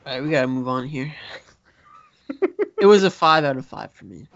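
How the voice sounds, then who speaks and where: A man's voice: medium pitch, lively intonation, normal speed, gravelly, dry recording, muffled recording. A man co-hosting a film podcast, teasing and arguing with his friend in casual chat. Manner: teasing, argumentative. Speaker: podcast co-host.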